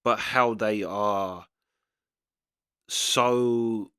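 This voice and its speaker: A man's voice: fairly low pitch, fairly even intonation, very slow, fairly bright tone, clean tone, no room sound, clean studio sound. A man hosting a reaction video, musing casually and hesitantly with restarts. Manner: thinking aloud, hesitant, restarting sentences. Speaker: reaction channel host. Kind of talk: casual commentary.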